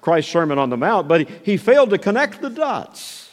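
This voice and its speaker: A man preaching a sermon, moving between soft asides and raised, emphatic declarations. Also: high voice, sing-song, moderate pace. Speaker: pastor. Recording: long hall reverb.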